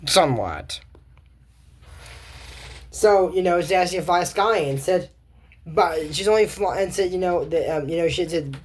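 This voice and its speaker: A woman with a somewhat low voice chats her way through a cartoon episode recap. She rambles, circles back on herself and throws in sarcastic remarks as she goes. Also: unhurried, long pauses, darkish tone, a little hiss or hum. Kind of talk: casual episode recap commentary.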